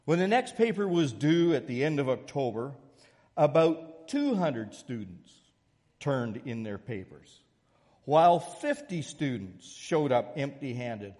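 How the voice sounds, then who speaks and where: A male pastor delivering a sermon in a mid-pitched, ordinary voice, shifting from a hushed prayer to animated storytelling. His voice carries the long reverb of a large church sanctuary. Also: a little slow. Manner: storytelling, shifts from soft prayer to lively anecdote.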